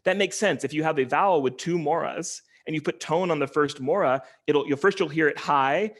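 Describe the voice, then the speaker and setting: A man's voice: on the high side, a little fast. A man, a linguistics professor, giving an online lecture in an explanatory way, with frequent ums and restarts as he walks through slides.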